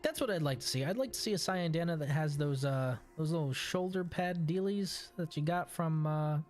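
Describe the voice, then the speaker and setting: A male game streamer from Texas with a slightly high voice. He chats in a laid-back, joking way and swears often. Game music runs faintly under his talk. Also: normal speed. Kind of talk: casual gaming chat.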